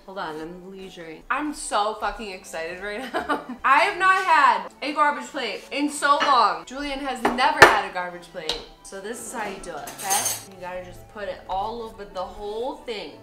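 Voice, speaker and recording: A woman's voice: mid-range voice, animated, moderate pace, hardly any pauses, loud music behind the voice. A young woman hosting a casual cooking vlog at home, effusive and swearing freely. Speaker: channel host. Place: home kitchen. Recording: echoey kitchen room.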